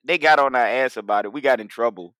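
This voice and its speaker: A man co-hosting a podcast, chiming in on a shared story in an excitable, laughing, profane way. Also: medium pitch, fast talker, no echo, clean studio sound. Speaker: podcast co-host. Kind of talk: casual chat.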